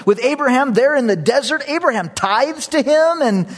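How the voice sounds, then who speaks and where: A man preaching a sermon, telling a story with animated energy and repeating phrases for emphasis. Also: very high-pitched, moderate pace.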